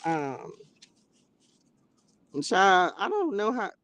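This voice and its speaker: A woman's voice: mid-range voice, extremely slow, slight background noise. A woman hosting a casual livestream, talking expressively to viewers, calling them baby and child, into a tablet mic. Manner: chatty and expressive, calls viewers baby and child, bursts of laughter. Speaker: livestream host.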